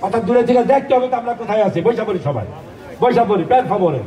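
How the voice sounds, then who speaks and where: A man from Bangladesh rattles off quick instructions to a rally crowd in a high voice, asking over and over for people to make room. He sounds distant, with echo around him outdoors. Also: expressive, dark tone. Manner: rapid, pleading, repeats please. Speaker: rally organizer. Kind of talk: directing the crowd. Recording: echoey outdoor recording from far off.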